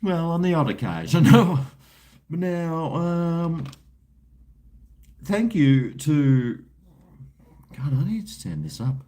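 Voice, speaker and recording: A man's voice: on the high side, big pitch swings, takes it slowly, pauses often, warm tone. A man with an Australian accent hosting a casual livestream, rambling in a laid-back way, reading out viewer messages, with crude slang and chuckles. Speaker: livestream host. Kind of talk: casual livestream chat while drinking.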